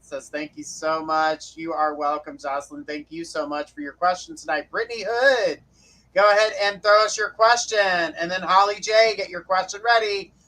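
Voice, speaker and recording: A man's voice: high voice, fairly even intonation, moderate pace, pushed and bright, rough recording. A man co-hosting a live show, calling up viewers' questions in an upbeat, chuckling way. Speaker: co-host. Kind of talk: casual chat, moderating live questions.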